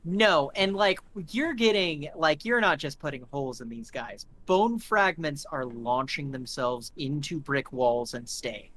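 A man's voice: fairly high pitch, a little slow, hardly any pauses, fairly bright tone, a little hiss or hum. Man running a tabletop game, gory narration. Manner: vivid, gory scene-setting with many fillers. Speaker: game master.

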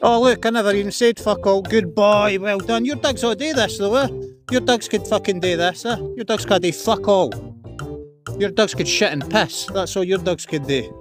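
A man's voice: high-pitched, moderate pace, music in the background. A Scottish man vlogging outdoors while walking his dog, blunt and sweary, giving commands. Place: outdoors on a seafront by a road.

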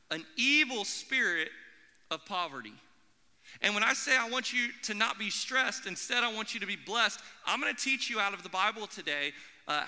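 A young man preaching a sermon as pastor in a church, animated, acting out the voices he quotes. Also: extremely high pitch. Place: church auditorium. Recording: long hall reverb.

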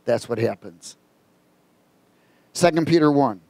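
A man preaching a sermon, telling a personal story in a folksy, colloquial way and reading scripture slowly and emphatically. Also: medium pitch, lively intonation, a little mellow, no echo.

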